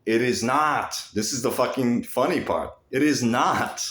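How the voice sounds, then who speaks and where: A man's voice: medium pitch, a little slow, echoey room. A man talking straight to his viewers in a rambling, profane monologue, restarting his sentences often. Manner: rambling, profane, with frequent restarts and animated swings. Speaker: vlogger. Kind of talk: casual monologue to camera.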